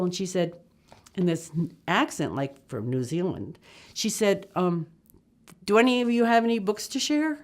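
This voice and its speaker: An older woman telling a personal travel story in a chatty, animated way, with many fillers and restarts, acting out the voices of people she quotes. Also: mid-range voice.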